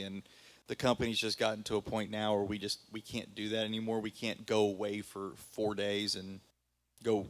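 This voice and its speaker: Man, low-pitched, easygoing guest with plenty of "uh" and "um". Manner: relaxed storyteller, many fillers. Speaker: caterer guest. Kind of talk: casual interview chat.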